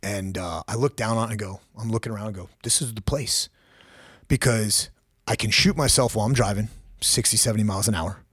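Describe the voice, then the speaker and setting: Low voiced guy in his 40s on a podcast, blunt and raw, swears a lot, dry close mic. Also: steady tone, fast, a bit bright, slightly rough, dry recording. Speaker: podcast guest, former law enforcement officer. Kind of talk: candid personal storytelling.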